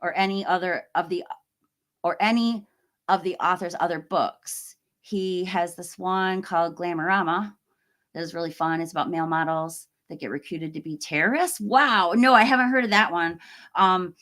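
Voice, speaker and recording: A woman's voice: fairly low pitch, moderate pace, a bit bright. Chatty woman hosting a live stream. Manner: chatty, laughs often, trails off and restarts. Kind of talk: casual live-stream chat reading viewer comments.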